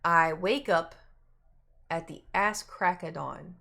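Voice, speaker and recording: A woman's voice: slow pace, vocal fry, sharp tone. A woman streamer chatting casually, rambling through a long story and acting out the people in it. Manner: chatty, rambling, acts out quoted people with raised pitch.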